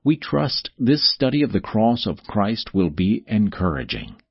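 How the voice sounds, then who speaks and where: Male radio announcer, low husky voice, friendly and clear, dry lo-fi broadcast. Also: big pitch swings, no echo. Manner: friendly, clear, repeats details slowly. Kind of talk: scripted on-air offer announcement. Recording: dull, lo-fi radio broadcast sound.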